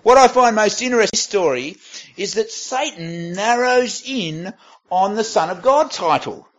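High-voiced man preaching. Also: expressive. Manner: conversational, reads scripture aloud, with pauses and restarts. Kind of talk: sermon.

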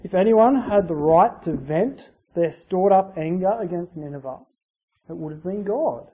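A preacher giving a conversational sermon, using asides and rhetorical tag questions and swinging between loud emphasis and quiet, dropped phrase endings. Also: mid-range voice, animated, normal speed, breathy edge. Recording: dull lo-fi recording with faint hiss.

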